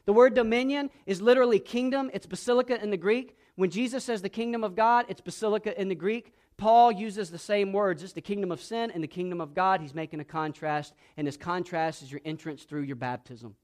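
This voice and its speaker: A man's voice: high voice, fairly quick, hardly any pauses, a little mellow. A male pastor preaching a sermon, reading scripture and asking the congregation questions to fill in. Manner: preaching with rising emphasis and call-and-response questions.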